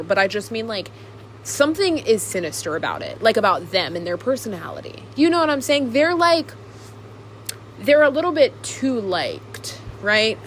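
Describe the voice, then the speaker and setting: A woman's voice: medium pitch, fairly bright tone, slight background noise. A woman hosting a podcast, chatting casually and ranting with animation and plenty of fillers. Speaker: podcast host. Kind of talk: casual opinionated chat.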